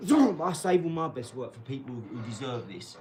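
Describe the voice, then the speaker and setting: Guy ranting on a live stream in his garage, mid-pitched voice, taunting and loud, bit of faint noise behind. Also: animated, a little fast, distant mic. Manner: mocking trash talk with loud outbursts. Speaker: livestreamer. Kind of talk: live stream chat while boxing.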